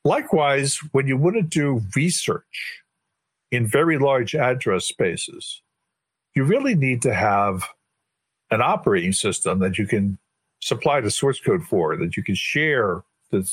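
An older man with a husky, slightly rough voice tells a long story to a podcast host, playing out each person's lines as he goes. The sound is dry and close, with no room echo. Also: medium pitch. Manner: lively storyteller who acts out quoted dialogue. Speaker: guest, board chair of a tech body. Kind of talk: casual anecdotal storytelling.

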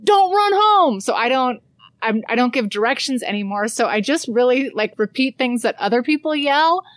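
A middle-aged woman co-hosting a podcast, telling stories in a casual chat with animated, high-pitched impressions. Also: normal speed, no echo. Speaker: podcast co-host.

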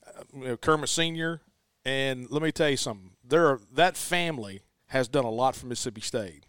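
Casting: mid-pitched male sports host, emphatic and chatty, dry studio mic. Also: a bit bright, clear, resonant tone, dry recording. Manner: emphatic, repeats "let me tell you". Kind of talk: casual sports chat.

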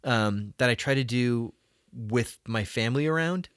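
A man's voice: mid-range voice, measured pace, no room sound, clean studio sound. A middle-aged man hosting a podcast in casual chat, joking at his own expense and often restarting his sentences. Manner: animated, jokey, self-deprecating with frequent restarts. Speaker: podcast host.

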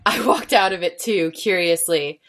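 A woman's voice: fairly low pitch, moderate pace, fairly bright tone. Playful young woman reading aloud. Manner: playful, questioning the story. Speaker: podcast co-host. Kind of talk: comic dramatic reading.

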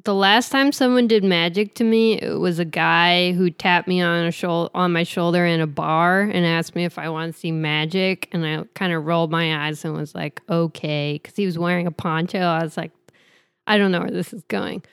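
Smooth-voiced woman telling a story. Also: on the low side, normal speed, hardly any pauses, dry recording, clean studio sound. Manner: animated storyteller, playful. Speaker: podcast co-host. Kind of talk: casual chat and storytelling.

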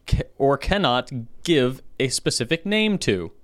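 A man's voice: medium pitch, sing-song, unhurried, a bit bright. A man co-hosting a podcast in casual chat, dropping wry, brief interjections. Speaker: podcast co-host.

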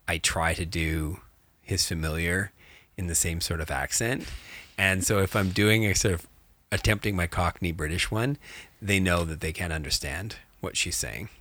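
A man chatting casually as a game master, animated and rambling, with many fillers. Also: low voice, no echo. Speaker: game master, podcast co-host. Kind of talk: casual chat.

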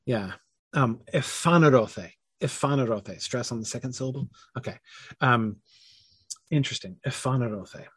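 A man's voice: medium pitch, normal speed, husky, no echo. A man leading a casual online Bible study, thinking aloud with many fillers and self-corrections and answering chat comments.

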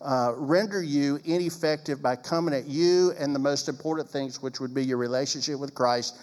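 A man's voice: on the high side, normal speed, a little mellow, long reverb tail. Emphatic preaching pastor, man. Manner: emphatic, sarcastic asides. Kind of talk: preaching-style talk on marriage.

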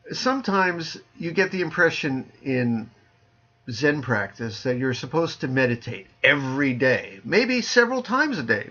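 A man who teaches Zen, chatting casually on a podcast over a video call, joking dryly and dropping his voice low on punchlines. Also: pushed and bright, muffled recording. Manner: dry joking, playful sing-song delivery, drops low on punchlines. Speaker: Zen teacher answering listener questions.

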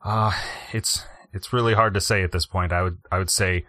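A man's voice: sits low, fairly even intonation, normal speed, sharp tone, dry recording. A man in a tabletop role-play, voicing a polite officer and hesitating often with fillers and restarts.

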